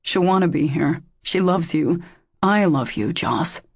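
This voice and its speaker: A woman's voice: on the low side, expressive, measured pace, no echo, clean studio sound. A woman reading a remorseful, stubborn man. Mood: tender, insistent. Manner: emphatic and determined. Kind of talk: audiobook character voice.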